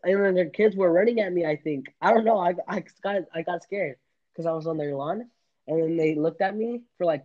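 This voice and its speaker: A man's voice: high voice, mellow, muffled recording. Rambling young man on a podcast. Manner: rambling, restarts and laughs often. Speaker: podcast host. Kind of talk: casual chat.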